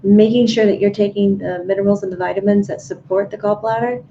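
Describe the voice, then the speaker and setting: A woman taking part in a casual livestream as a medium, calmly relaying messages to viewers. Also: mid-range voice, a little fast, gravelly. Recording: dull lo-fi sound, faint noise.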